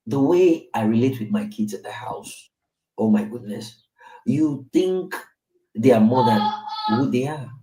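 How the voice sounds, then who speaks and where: Slightly slow and mellow, with a medium pitch and animated delivery, this Nigerian father in his thirties tells his own story on a podcast. The talk is candid, casual and reflective, and he often checks in with "right?" as a tag question. The mic is distant and the room sounds roomy.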